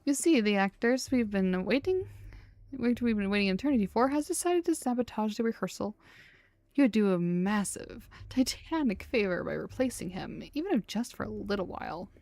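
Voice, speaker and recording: A woman's voice: mid-range voice, lively intonation, brisk, a little mellow, dry recording, clean studio sound, lightly acted. A woman playing a flamboyant theater director. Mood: theatrical. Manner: grandiose, theatrical, with showy Italian flourishes.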